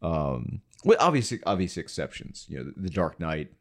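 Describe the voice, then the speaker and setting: A man with a very deep, low-pitched voice talks films in a relaxed chat. He hesitates, restarts and fills his sentences with "like" and "you know". When he gets going he turns blunt and swears freely. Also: moderate pace. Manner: hesitant, many fillers and restarts; profane, blunt. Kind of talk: casual film discussion.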